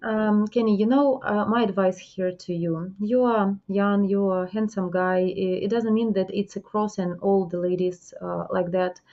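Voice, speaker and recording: Female interviewer, halting and advice-giving, mid-pitched voice on a dull, lo-fi recording. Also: fairly even intonation, warm tone. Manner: halting non-native English, frequent fillers, advising. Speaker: host. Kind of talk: interview about dating scams.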